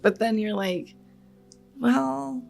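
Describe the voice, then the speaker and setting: A woman hosts a casual reaction video with a gravelly, mid-pitched voice. She rambles earnestly and laughs nervously when the story upsets her, while faint music plays underneath. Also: measured pace. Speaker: reaction channel host.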